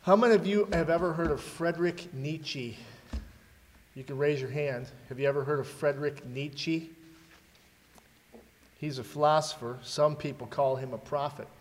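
Male preacher, mid pitch, sermon delivery with questions to the room, long hall reverb. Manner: rhetorical questions to the congregation, dramatic readings.

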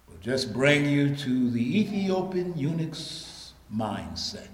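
A man preaching a sermon in a repetitive rhetorical cadence, swinging from hushed low passages to loud shouted emphasis. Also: big pitch swings, slow, few pauses. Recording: echoey hall with long reverb.

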